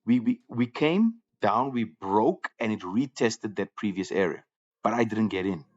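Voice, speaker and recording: Low-voiced man talking trades live. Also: expressive, unhurried. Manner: conversational, repeats words and restarts often. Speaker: trading room host. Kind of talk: live trading commentary. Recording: slightly dull lo-fi audio with faint music.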